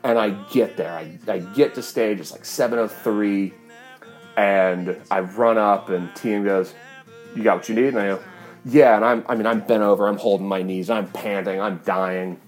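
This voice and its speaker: A man's voice: on the low side, steady tone, normal speed, soft background music. A man, a touring fiddle player, animatedly retelling a story with lots of fillers. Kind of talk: casual storytelling.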